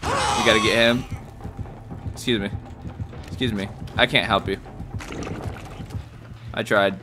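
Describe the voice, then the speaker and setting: A young man giving casual, jokey commentary over a video game, reacting loudly to big moments. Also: fairly low pitch, unhurried, over music. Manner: excitable, jokey, shouts and laughs at big plays. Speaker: gaming YouTuber.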